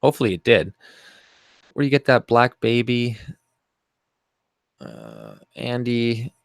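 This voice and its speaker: A man's voice: medium pitch, wildly swooping pitch, slow, creaky, dry recording, clean studio sound. A man hosting a casual livestream, ranting in a profane, mocking and heated way. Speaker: livestream host.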